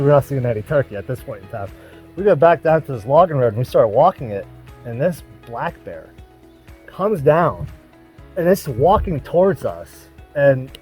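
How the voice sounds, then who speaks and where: A man telling a childhood hunting story in a casual, animated way, laughing often between lines. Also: mid-range voice, breathy edge. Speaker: overland vlogger.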